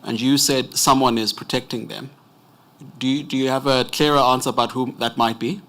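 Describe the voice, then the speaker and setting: A South African man questioning a witness at a formal inquiry, polite and measured. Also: medium pitch, fairly even intonation, a bit bright. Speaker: advocate leading evidence.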